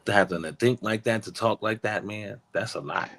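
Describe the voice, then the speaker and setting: A man chiming in on a casual podcast with quick, teasing remarks. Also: on the low side, a bit bright.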